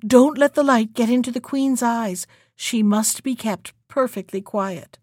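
A woman reading a scheming old witch, bossy and sharp. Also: a little high, a little slow, no echo, studio quality. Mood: commanding.

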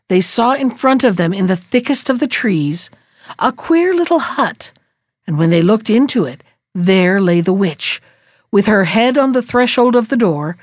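A woman reading a fairy tale aloud as narrator in a steady, expressive way. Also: on the high side, no room sound, clean studio sound. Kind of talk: storybook reading.

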